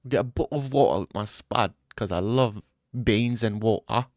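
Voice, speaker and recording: A man's voice: fairly low pitch, normal speed, no room sound, studio quality, close to an everyday voice. A man putting on a mock British accent as a rowdy lad who barks "oi" while ordering food.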